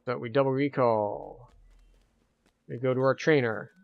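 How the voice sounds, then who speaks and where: A man's voice: medium pitch, a little slow, vocal fry, dry recording, narrow, tinny audio. A man giving chatty, casual commentary over his own gameplay. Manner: chatty, self-deprecating play-by-play. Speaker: gaming streamer.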